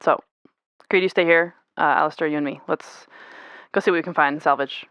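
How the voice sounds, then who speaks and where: A woman's voice: deep voice, steady tone, brisk, a bit bright, clean tone, no echo. A woman playing a tabletop game, speaking bluntly and giving orders. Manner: blunt, commanding. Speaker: player. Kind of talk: in-character game talk.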